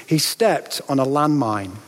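A man preaching a sermon in a church, dramatic, with rhetorical questions and pauses for effect. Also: medium pitch, expressive. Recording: long reverb of a large hall.

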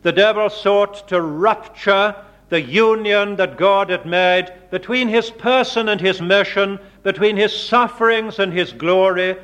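Male preacher, measured sermon delivery, high voice, muffled old recording. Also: fairly bright tone. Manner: slow, deliberate preaching with dramatic emphasis on quoted words.

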